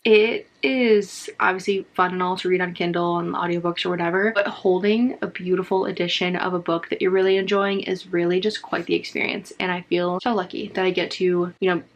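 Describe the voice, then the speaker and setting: Gushing, excitable woman book vlogger. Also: mid-range voice. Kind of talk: casual reading vlog. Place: outdoors on a work break.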